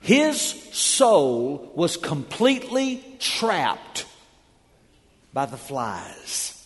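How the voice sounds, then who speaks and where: A man's voice: fairly high pitch, sing-song, drawn-out words, big-room sound. A man preaching a sermon, telling the story with dramatic energy in a church sanctuary. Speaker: pastor.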